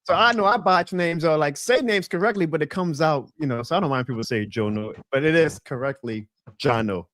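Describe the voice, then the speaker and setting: Young guy, thick New Orleans drawl, animated storyteller, slightly high voice, dry close sound. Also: brisk, hardly any pauses, no echo. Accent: New Orleans Southern. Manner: animated storyteller, lively pitch jumps. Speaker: podcast guest. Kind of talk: casual chat on a video call.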